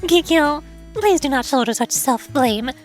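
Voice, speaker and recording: Gracious, formal young girl, high voice, woman voicing. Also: lively intonation, unhurried, faint music behind. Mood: gentle.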